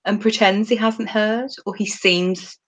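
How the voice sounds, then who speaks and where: A woman's voice: mid-range voice, fairly even intonation, a little slow. A woman co-hosting a podcast, chatting casually about a TV episode and laughing often as she talks. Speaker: podcast co-host.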